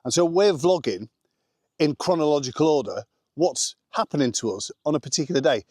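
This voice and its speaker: A man's voice: fairly high pitch, animated, darkish tone, no echo, studio quality. A man with an English accent vlogging with his wife in a casual chat, joking and teasing. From England. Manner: joking, teasing, quick interjections.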